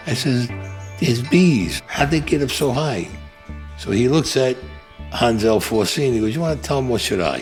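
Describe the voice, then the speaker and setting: Over music, a Brooklyn man who served in Vietnam tells war stories in an interview, unhurried and very animated in a mid-range voice. He talks gruff and blunt like the street, acting out what people said.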